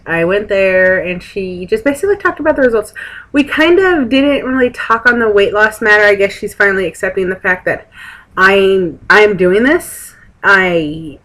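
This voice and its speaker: A woman's voice: medium pitch, fairly bright tone, poor audio. A young woman, chatting frankly to camera at a friend's house, rambling with sarcastic asides. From Texas. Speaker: vlogger. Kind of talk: casual chat to camera.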